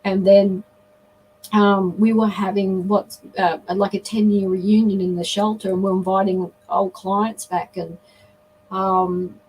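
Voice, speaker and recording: A woman's voice: mid-range voice, flat delivery, measured pace, a little mellow, slight background noise, poor audio. A middle-aged woman, a guest on a live interview, telling a personal story in an earnest, reflective way. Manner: earnest, reflective, often acts out quoted dialogue.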